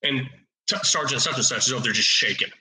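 A man in his forties from Oregon, a podcast guest and retired officer, telling lively anecdotes in a casual, blunt, salty way. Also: medium pitch, quick pace, roomy sound, rough recording. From Oregon, USA. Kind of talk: casual storytelling.

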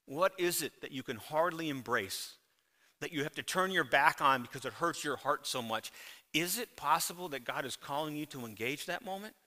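A man's voice: on the high side, bright, forceful tone. A middle-aged man preaching a sermon to his congregation, earnest and emphatic, repeating key phrases. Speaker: pastor. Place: church sanctuary. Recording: long hall reverb.

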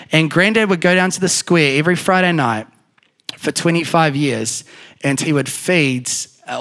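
A man with a New Zealand accent delivers a sermon full of personal stories. His voice sits at an ordinary middle pitch, and he jumps up high and loud when he acts out the people he quotes. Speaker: pastor.

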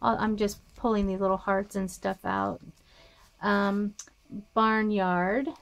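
A woman's voice: medium pitch, fairly even intonation, slow pace, highs cut off. A woman showing paper crafting supplies in a casual haul video, naming each piece and gushing over how cute they are. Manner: reads items aloud, gushing softly. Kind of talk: casual show-and-tell haul.

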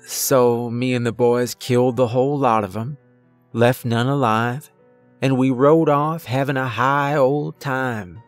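A man voicing a gruff, weary outlaw from the Old West who talks in a rough frontier drawl, blunt and bitter, in a horror storybook reading. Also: medium pitch, steady tone, unhurried, faint music behind, close to an everyday voice.

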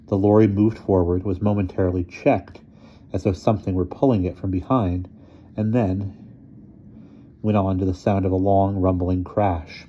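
A man reading a short story aloud in a measured, steady storytelling manner. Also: deep voice, dull audio, slight background noise. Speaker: narrator.

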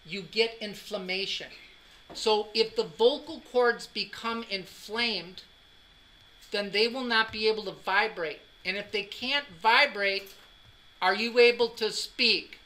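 Joking classroom lecturer, bright-toned man. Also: sits high, takes it slowly, poor audio. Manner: joking, drills students with questions. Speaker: anatomy lecturer.

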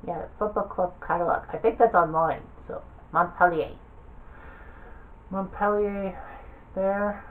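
A woman's voice: medium pitch, fairly even intonation, measured pace, pauses often, narrow, tinny audio, a little hiss or hum. A woman giving offhand, rambling commentary while browsing a game, thinking aloud as she goes. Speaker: gaming video creator.

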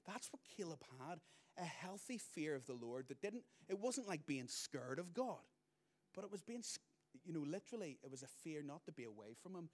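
A man's voice: on the high side, sing-song, brisk. Man preaching with swinging emphasis. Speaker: pastor. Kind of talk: sermon.

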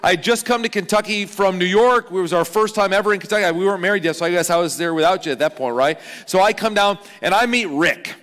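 A man in his thirties preaching a sermon as pastor, chatty and joking, with lively swings in pitch and loudness. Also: quick pace, hardly any pauses. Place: large church auditorium. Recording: long hall reverb.

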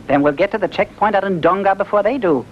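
A man voices a scheming diamond thief with a fairly high voice and a curt, plotting manner. The muffled old film dub carries faint noise behind him. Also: quick pace, close to an everyday voice.

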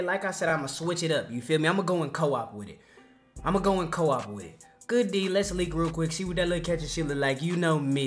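A young man doing casual, slangy commentary over his basketball video game, trash-talking and sometimes shouting or singing. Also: on the high side, quick pace, faint music behind. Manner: hyped slangy trash talk, sings and shouts over play. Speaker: gaming YouTuber.

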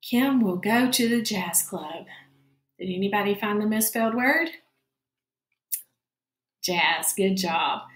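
Slow, patient teacher woman, roomy sound. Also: medium pitch. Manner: slow, patient, encouraging, frequent "all right, good job". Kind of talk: recorded phonics lesson for children. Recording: roomy, echoey classroom-style sound.

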